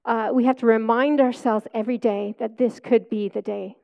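Middle-aged female preacher with a high voice, chatty testimony storyteller who laughs easily. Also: fairly even intonation, moderate pace, vocal fry, lo-fi sound. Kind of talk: personal testimony sermon.

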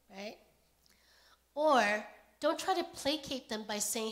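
A woman delivers a sermon at a slow, deliberate pace. Her voice sits somewhat high. She speaks gently and keeps checking in with her listeners. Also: expressive. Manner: gentle, unhurried, pauses often with "okay?". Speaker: pastor.

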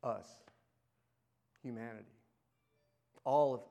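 A man's voice: fairly high pitch, takes it slowly. A male pastor preaching a sermon in a conversational way, asking the congregation questions and swinging between emphatic lines and near-murmurs.

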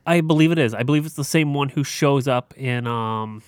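A man's voice: mid-range voice, fairly quick, smooth, dry recording, clean studio sound. A man co-hosting a podcast, chiming in with joking, enthusiastic asides. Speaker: podcast co-host. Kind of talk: casual chat.

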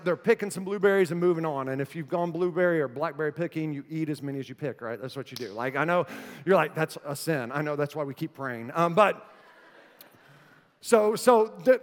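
A man with a high voice preaches a sermon to his congregation, easygoing and joking but turning earnest. His voice rings out with the long reverb of a church hall. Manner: conversational, joking, then earnest. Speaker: pastor. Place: church sanctuary.

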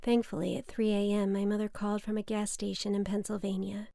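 A young woman narrating a personal essay in a wry, deadpan way. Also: medium pitch, a little fast, gravelly, no echo, clean studio sound. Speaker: storyteller.

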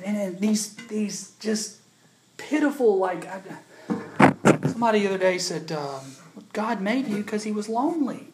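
A man's voice: high voice, expressive, a little slow, reverberant. A man, a pastor, preaching a sermon that moves from casual storytelling to emphatic proclamation. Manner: conversational, building to emphatic preaching.

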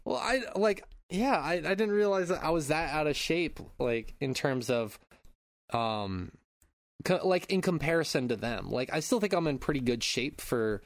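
A man's voice: on the high side, lively intonation, moderate pace, no room sound, studio quality. A man in his thirties co-hosting a podcast, telling a rambling story in casual chat, swearing and laughing often. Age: 30s. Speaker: podcast co-host.

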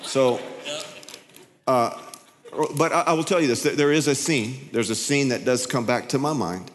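A middle-aged man preaching a sermon in a conversational, confessional way, telling a story with many halting restarts. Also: mid-range voice, big-room sound, slight background noise. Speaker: pastor.

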